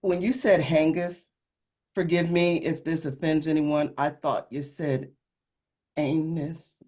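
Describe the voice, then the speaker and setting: A woman's voice: low-pitched, steady tone, takes it slowly, a little mellow. Chatty woman giving speech feedback. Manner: apologetic, chatty, laughing at herself. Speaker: humor coach. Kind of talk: coaching feedback.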